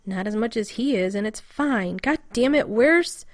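A woman's voice: medium pitch, moderate pace, a little mellow, no echo, studio quality, lightly acted. A woman reading a frantic, exhausted male scientist who rambles anxiously in a storybook reading.

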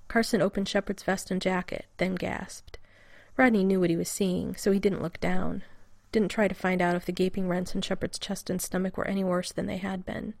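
Gravelly woman reading a story. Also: mid-range voice, little pitch movement, brisk, no room sound, clean studio sound. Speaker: reader. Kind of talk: audiobook narration.

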